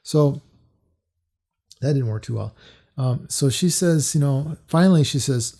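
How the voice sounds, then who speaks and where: A middle-aged man recounts a personal story in a loose, rambling way, leaning on fillers and restarts. His voice is mellow and dark, with a middling pitch. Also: unhurried, gravelly, long pauses.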